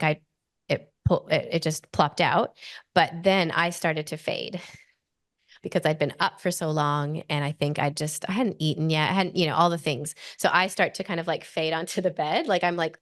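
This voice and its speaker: A woman in her forties with an Australian accent tells a personal story as a podcast guest. Her voice sits on the low side, and she talks in an animated, rushing way full of "like" fillers. The sound is dry and close, with no room around it. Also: dry recording. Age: 40s.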